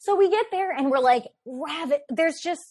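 A woman with a slightly high voice tells a story in loose, chatty conversation. She is animated, breaks into laughter often and leans on filler words as she talks. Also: moderate pace. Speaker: guest storyteller. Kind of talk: casual anecdote in conversation.

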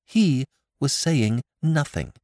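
A man voicing a gentle, frightened young woman in a storybook reading, speaking softly and pleadingly. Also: a little high, very animated, normal speed, dry recording, clean studio sound, voice pushed up. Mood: upset.

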